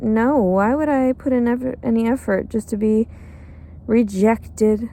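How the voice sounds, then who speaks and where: A woman's voice: fairly high pitch, steady tone, a little slow, mellow. A tired, cranky woman rambling in a bitter, crude, profane monologue outdoors. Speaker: pregnant homeless woman.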